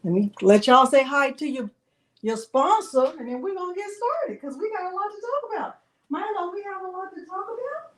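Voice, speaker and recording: Hosting a crafting livestream, a woman chats in a casual, playful way, greeting viewers by name and coaxing her pet in teasing baby talk. Her voice is very high and expressive, her pace moderate, and the audio quality is poor.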